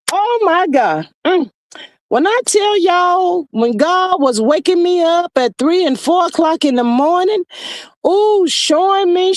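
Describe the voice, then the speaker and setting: A woman's voice: high voice, darkish tone, no echo, clean studio sound. A woman hosting a live stream, talking animatedly to her viewers in a preachy call-out style.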